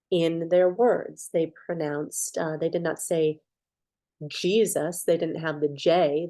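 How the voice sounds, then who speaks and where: A woman's voice: on the low side, dark tone. A woman introducing herself as narrator of a yearly Bible reading, talking casually with fillers and restarts.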